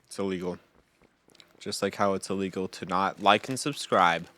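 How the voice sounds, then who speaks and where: A young man co-hosting a podcast, chatting casually as he plays a video game, quick and full of asides. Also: sits low, fairly even intonation, pushed and bright. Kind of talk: casual let's-play commentary.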